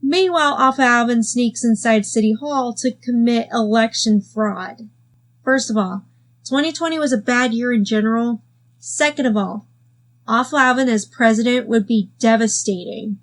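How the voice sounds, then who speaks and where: Speaking at a normal pace in a slightly high voice, a woman reviews a cartoon episode sarcastically for video. Wry asides fill her commentary, with faint music behind her.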